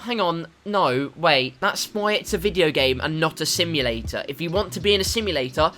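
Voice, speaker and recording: A man's voice: a little high, expressive, brisk, hardly any pauses, a little hiss or hum. A man giving a sarcastic, swearing commentary about a racing video game on a desktop USB mic. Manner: sarcastic, swearing, swings to shouting. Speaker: gaming commentator.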